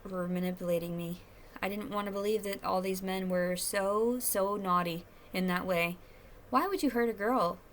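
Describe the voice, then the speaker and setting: A woman's voice: mid-range voice, fairly bright tone, a little hiss or hum. Woman in a rambling, profane home monologue. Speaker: vlogger. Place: at home, indoors.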